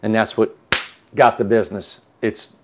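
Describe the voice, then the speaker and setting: A man's voice: fairly low pitch, steady tone, normal speed, slight background noise. A man hosting a casual chat, telling a long story with restarts and asides. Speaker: host.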